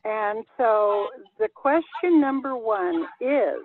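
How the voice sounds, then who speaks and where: Over a video call, a woman teaches a group language lesson, walking through each step with patience. She sounds animated, takes her time, and her voice is a little high, with dry, phone-like call audio.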